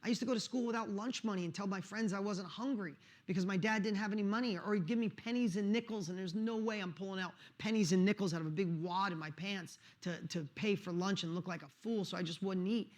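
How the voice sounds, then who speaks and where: Earnest high-voiced man telling his story. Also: fast, hardly any pauses. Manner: earnest, repeats words, emphatic. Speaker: motivational speaker. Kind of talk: emotional personal storytelling.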